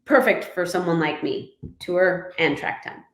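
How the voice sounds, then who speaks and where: A woman from Canada, a podcast guest, telling stories in a lively, animated way and laughing often. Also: on the low side, a little slow, gravelly. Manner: animated storyteller, laughs often, voices others in her anecdotes. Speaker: guest, former motorcycle racer and writer. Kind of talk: casual podcast storytelling. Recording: roomy, echoey room.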